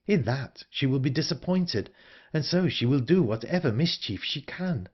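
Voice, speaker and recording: A man's voice: mid-range voice, animated, normal speed, slightly rough, highs cut off, pitched above the performer's own voice. A man voicing an earnest, anxious young woman in an audiobook, urgent and pleading. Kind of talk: audiobook character reading.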